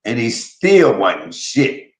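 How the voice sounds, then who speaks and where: A man rants on his stream in a drawn-out, taunting roast that keeps circling back to the same crude jabs. His pitch swings widely while he takes his time, and his voice rings in a roomy, echoey space. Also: big pitch swings. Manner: taunting, vulgar insults, repeated jabs. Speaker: streamer host. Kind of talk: profane roast rant.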